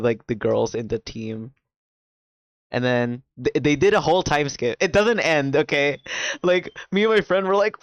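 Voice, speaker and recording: Recapping a drama plot during a casual stream chat, a man gets lively and excited, cursing freely and saying "like" constantly. He has an ordinary mid-range voice, and the dry, somewhat dull recording sounds like a modest home microphone.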